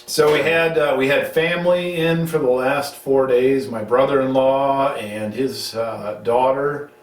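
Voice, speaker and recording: A middle-aged man hosts a casual home-recorded chat, rambling and teasing his co-host, often restarting his sentences. His voice sits at a middle pitch. The room rings around him and he sits a little back from the mic. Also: steady tone, measured pace. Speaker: show host. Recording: roomy sound, mic at a distance.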